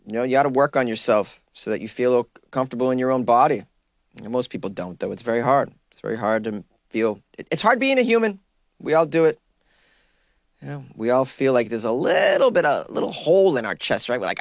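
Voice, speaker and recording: A man's voice: medium pitch, big pitch swings, fairly quick, gravelly, dry recording, clean studio sound. A male talk radio host giving casual, wisecracking commentary on news stories. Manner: wisecracking, laughs at his own jokes.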